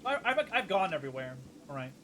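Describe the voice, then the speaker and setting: Male streamer, bright and sharp, casual let's play chatter with faint room noise. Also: high voice, very animated, quick pace. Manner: casual, swearing, thinking aloud.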